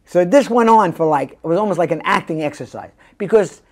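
An older man talks as an interview guest, spinning anecdotes with a lively, swinging pitch. He slips into the voices of the people he quotes as he tells his stories. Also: fairly quick. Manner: animated storyteller who acts out quoted voices. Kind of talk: casual interview chat.

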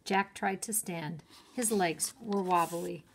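A woman teacher reading a children's chapter book aloud in an expressive storytelling manner. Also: fairly low pitch, takes it slowly, vocal fry, slight background noise.

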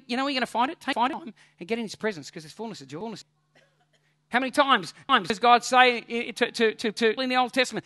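Man, pastor, high bright voice, dry close sound, lively anecdotal preaching. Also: no room sound. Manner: animated storytelling with humor. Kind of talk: sermon.

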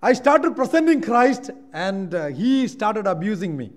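A Keralite preacher speaking Indian-accented English delivers a sermon in a church hall, his high voice sing-song and a little slow. He shifts between hushed reflection and forceful emphasis.

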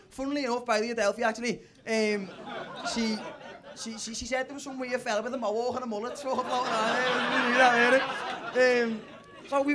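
On stage at a comedy club, a young man rambles through a crude stand-up story in a very high-pitched voice. The live recording is noisy, with the crowd laughing in the background.

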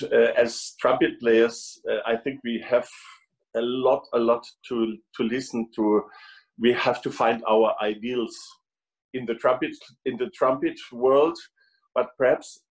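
A man's voice: mid-range voice, steady tone, unhurried, low-quality recording. A German man, a trumpet player speaking English as a second language, chatting on a video call and often repeating words as he searches for them. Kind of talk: casual video call chat.

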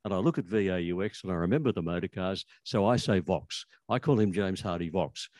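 A man's voice: low-pitched, fast talker, darkish tone, dry recording. An older Australian man giving a conversational, anecdotal talk about language history, with frequent restarts. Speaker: author speaking on language history.

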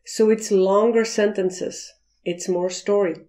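A woman's mellow, medium-pitched voice stays steady as she teaches cross-cultural communication on video. She explains slowly and with care, voicing the example phrases herself.

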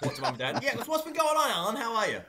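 A man's voice: very high voice, huge pitch swings, very fast, sharp tone. An Australian man, a podcast guest, joking and laughing through a casual chat in a playful, self-mocking way.

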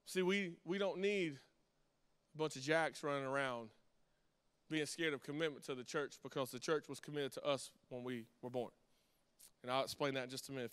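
Preaching to his congregation, a middle-aged pastor tells a story full of lively restarts and side remarks. He speaks at normal speed in a clear, resonant mid-range voice, with no echo.

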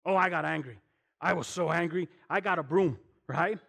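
A man with a high voice preaching in a church whose sound lingers long after each phrase. He tells stories animatedly, acts out voices, and speaks straight to his congregation. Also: moderate pace, creaky, fairly bright tone, big-room sound. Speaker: guest pastor. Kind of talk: animated sermon.

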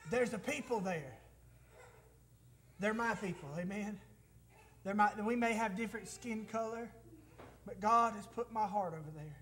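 A man's voice: high-pitched, unhurried, pauses often, fairly bright tone, slight background noise. A man who is a missionary pastor, preaching an emotional testimony and calling out to the congregation for amens. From United States. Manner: emotional, tearful at times, calls out for amens. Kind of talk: sermon testimony.

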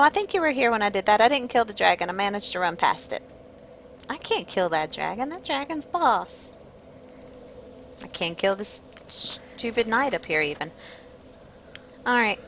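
Woman game streamer, self-mocking chatter, bright voice, faint hiss behind. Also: medium pitch, muffled recording. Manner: chatty and self-mocking, greeting chat viewers. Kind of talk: casual gameplay commentary.

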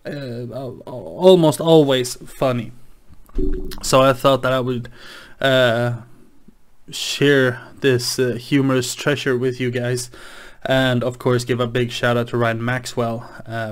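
Slow, rambling male vlog host. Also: medium pitch, level tone. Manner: rambling, hesitant, with many restarts. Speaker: gaming channel host. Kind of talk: casual late-night vlog chat.

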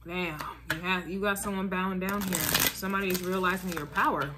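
A woman's voice: fairly low pitch, fairly even intonation, brisk, few pauses, very noisy. A woman giving a casual tarot reading to her viewers, emphatic and repetitive, often checking in with "all right?" and "okay?". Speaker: tarot reader.

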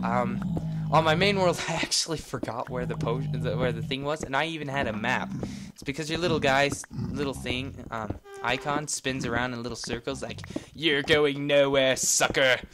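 A man giving casual, jokey commentary over his own gameplay video, talking in excitable bursts. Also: mid-range voice, normal speed, over a noisy crowd. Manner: excitable, jokey, rambling exclamations. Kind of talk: casual let's-play commentary.

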